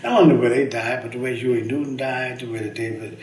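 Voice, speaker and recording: A man's voice: mid-range voice, fairly even intonation, fast, a little mellow, slight background noise. An older man, a veteran poet, telling rambling, emphatic and profane stories in an interview, often ending his sentences with "man.". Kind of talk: candid interview storytelling. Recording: echoey room, distant mic, faint ambience.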